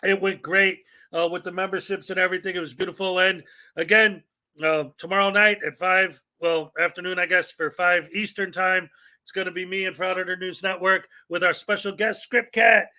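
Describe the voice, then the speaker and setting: A man's voice: sits high, steady tone, normal speed, pushed and bright. A man from Chicago with a Chicago accent, hosting a casual live-stream chat in a chatty, jokey way. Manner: chatty, jokey, laughs often. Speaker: show host.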